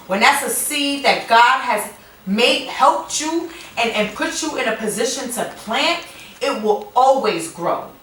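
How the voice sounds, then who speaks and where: A woman radio host with a slightly high voice talks effusively about faith, tripping over words and circling back. Her voice sits a little off-mic in a roomy space, with faint ambience behind it. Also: expressive, unhurried, a bit bright, distant mic, a little hiss or hum. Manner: effusive, jokey, stumbles and repeats words. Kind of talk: emotional, faith-filled talk.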